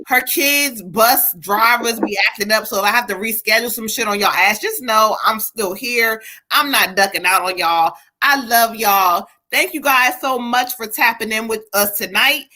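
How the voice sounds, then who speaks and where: A woman's voice: a little high, sharp tone. A woman co-hosting a live stream, giving emphatic, profane spiritual readings to viewers. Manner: emphatic, profane, calls out to viewers as "child" and "y'all".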